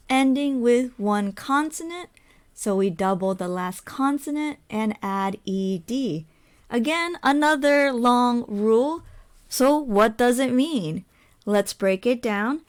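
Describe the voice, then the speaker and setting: A woman teaching an English lesson in a slow, patient way, saying example words and repeating them. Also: a little high. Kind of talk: ESL lesson.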